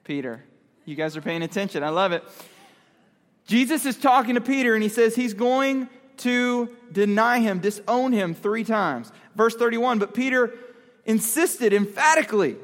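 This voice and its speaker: A youth pastor with a high-pitched, animated voice gives a casual sermon at a moderate pace, chatting with the audience and asking them questions. A long hall reverb colors the recording.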